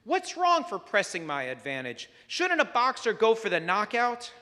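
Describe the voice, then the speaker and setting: A man preaching a sermon as rabbi, measured and reflective, weaving stories into his message. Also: high voice, huge pitch swings, bright, forceful tone. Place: synagogue sanctuary. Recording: long hall reverb.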